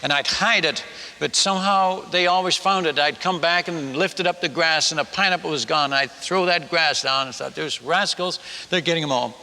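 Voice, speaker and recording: An older man from the Netherlands, a missionary telling a humorous sermon story, animated and acting out the people in it. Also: on the high side, normal speed. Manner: animated, acts out villagers and his wife in quotes. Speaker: missionary speaker. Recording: long hall reverb.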